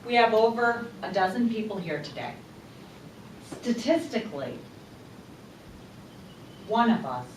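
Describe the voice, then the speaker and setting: A woman presents to a small group in a slow, deliberate way, putting questions to the room. Her voice rises and falls a great deal and sits a little high. She is recorded from a distance in a roomy space with a faint hum behind. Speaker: speaker giving a talk.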